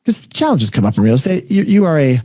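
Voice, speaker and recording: A man's voice: on the high side, sing-song, warm tone, dry recording. A man hosting a podcast interview, explaining ideas with concrete examples and often checking in with "right?". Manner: brisk, explanatory, frequent "right?" check-ins. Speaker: podcast host. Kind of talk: conversational interview.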